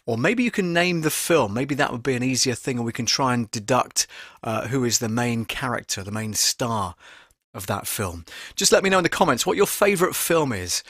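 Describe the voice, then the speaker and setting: A man hosts a casual voice-acting live stream from a home studio, talking in a rambling, chatty way with plenty of fillers. His voice sits at an ordinary pitch and sounds close and dry, with no room around it. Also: animated, normal speed, a bit bright, slightly rough, dry recording. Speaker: voice actor hosting a live stream.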